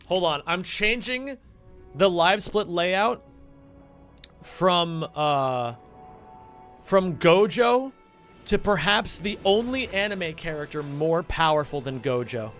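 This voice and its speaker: A man streaming casually, chatting to his viewers in an excitable, rambling way and swearing a lot. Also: high voice, takes it slowly, faint music behind. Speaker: streamer and speedrunner. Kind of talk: casual live-stream chat.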